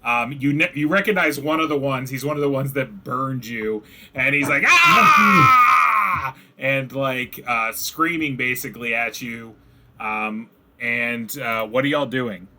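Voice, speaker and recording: A man's voice: medium pitch, a little slow, noisy background. A man narrating a tabletop game as game master, casual and chatty, over voice chat. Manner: casual, chatty, acts out goblin shouts.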